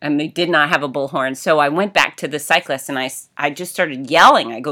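A middle-aged woman telling a story in a casual, animated way, with laughs and exclamations. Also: low voice, a little fast. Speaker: race announcer and fitness host.

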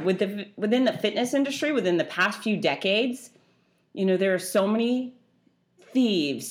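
A middle-aged woman hosting her own podcast, talking chattily and bluntly, ranting with feeling. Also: on the low side. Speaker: podcast host. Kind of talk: casual solo podcast monologue.

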